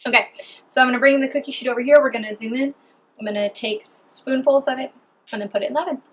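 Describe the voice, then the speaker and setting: A woman's voice: sits high, steady tone, quick pace, low-quality recording. A woman talking chattily and cheerfully through a home cooking vlog in her kitchen. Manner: chatty, upbeat, talks while eating. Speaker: cooking vlogger.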